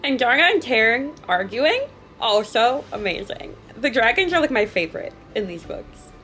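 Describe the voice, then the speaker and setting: A woman's voice: on the high side, sing-song, moderate pace, fairly bright tone, soft background music. A tired, jittery young woman chatting and giggling while reading aloud on a casual book vlog. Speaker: book vlogger.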